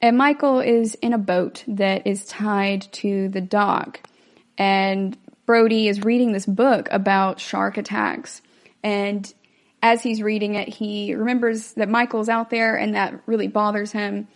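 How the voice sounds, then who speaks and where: A woman's voice: mid-range voice, fairly even intonation, measured pace. A woman hosting a podcast, explaining a film in a chatty, casual way. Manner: chatty, explanatory, acts out quotes. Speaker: podcast host.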